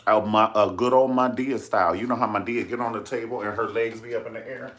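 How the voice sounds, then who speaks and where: Talking fast in a lowish, steady, slightly bright voice, this man dishes celebrity news to camera. His vlog is casual, sassy and dramatic, with frequent "honey"s aimed at viewers.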